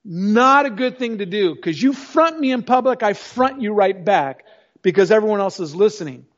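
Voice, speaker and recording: Man, middle-aged, pastor, emphatic sermon, high voice, dull lo-fi recording. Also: lively intonation, normal speed. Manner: emphatic, storytelling, addresses the congregation directly.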